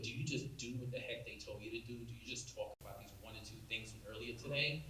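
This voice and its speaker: Lowish-voiced man telling a story in a hall. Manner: animated storyteller acting out dialogue, many "like"s. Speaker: national speaker on prison reform. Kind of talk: storytelling keynote speech. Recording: roomy hall audio from a distance, faint hiss.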